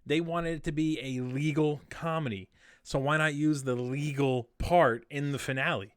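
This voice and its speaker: A man with a slightly high voice launches into a heated, exasperated rant while co-hosting a casual podcast. The sound is dry and close, with no room around it. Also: steady tone, normal speed, clean tone, no room sound. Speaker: podcast co-host.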